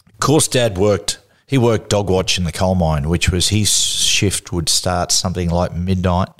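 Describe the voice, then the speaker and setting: A middle-aged Australian man, a guest in a casual interview, telling lively anecdotes and laughing through them. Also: deep voice, measured pace. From Newcastle, Australia.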